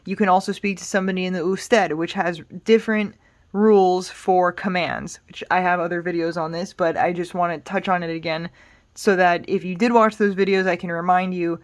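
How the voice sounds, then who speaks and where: A woman teaching Spanish grammar in a relaxed, explanatory way, patient and reassuring, thinking aloud with small fillers. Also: lowish voice, fairly quick. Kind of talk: casual explanatory lesson.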